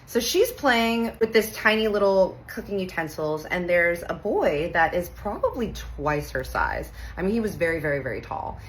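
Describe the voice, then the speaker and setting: A woman in her thirties from Texas, telling a funny personal story in a casual, animated way, acting out the voices and swearing playfully. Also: lowish voice, moderate pace, few pauses, low-quality recording. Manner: animated, acts out quoted voices, playful cursing.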